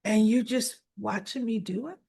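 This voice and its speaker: A woman voicing a young woman nurse who turns from excited to hurt, talking in an emotional, pleading way. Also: on the high side, normal speed, breathy edge.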